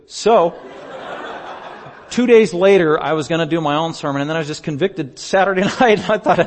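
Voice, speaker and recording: A man's voice: a little high, moderate pace. Man speaking in a reverberant hall. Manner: chatty, animated storytelling with laughter. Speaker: pastor. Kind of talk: slideshow report in a church service. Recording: long reverb of a large hall.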